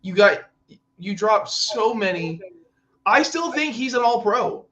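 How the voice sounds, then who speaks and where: A man's voice: high voice, expressive, slow, a bit bright. A man co-hosting a sports podcast, ranting in exasperation and acting out players in mock voices during casual chat. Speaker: podcast co-host.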